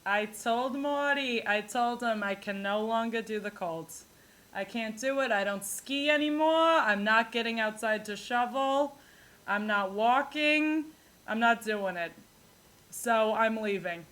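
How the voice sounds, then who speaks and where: Lady putting on a loud long island granny, over 60, kvetching and emphatic, bit higher. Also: measured pace. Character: older Long Island grandmother, complaining, moving south. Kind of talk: comedic impression in a podcast monologue.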